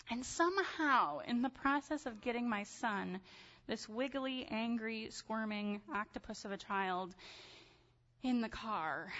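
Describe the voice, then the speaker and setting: Woman, thirties, sermon storytelling, animated and chatty, long hall reverb, muffled sound. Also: on the high side. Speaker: speaker telling a personal story.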